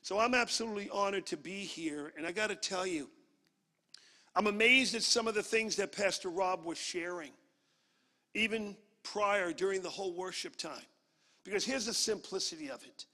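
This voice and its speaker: A man from Brooklyn, New York, preaching a sermon as a guest preacher, energetic and humorous. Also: high voice, normal speed, in a large hall.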